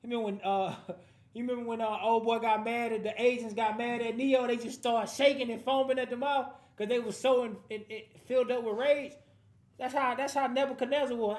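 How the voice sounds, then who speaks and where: In a roomy, echoing room, a man with a very high-pitched, fairly even voice leads a Bible class at a brisk pace. After each verse is read aloud, he throws in street-slang remarks and tells the class to read on.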